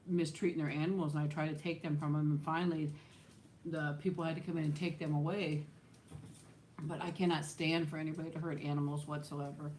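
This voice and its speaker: A woman's voice: low-pitched, a little mellow, a little hiss or hum. A middle-aged woman chatting on a live stream, rambling through viewer questions and laughing often. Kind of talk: casual live-stream chat.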